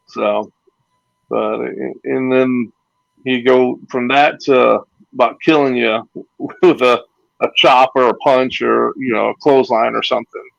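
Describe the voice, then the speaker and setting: Man, gravelly voice, rambling storyteller, dry close sound, dull lo-fi audio. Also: medium pitch, steady tone, measured pace, no echo. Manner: rambling anecdotes with acted-out quotes and laughs. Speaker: retired pro wrestler, guest. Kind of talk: casual storytelling interview.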